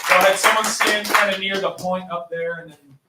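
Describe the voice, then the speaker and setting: A man's voice: high-pitched, steady tone, brisk, over loud music, a loud crowd. A man hosting a live improv comedy night, upbeat and chatty, laughing easily as he sets up games. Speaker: improv show host. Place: small coffee shop stage. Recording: roomy distant mic with faint noise.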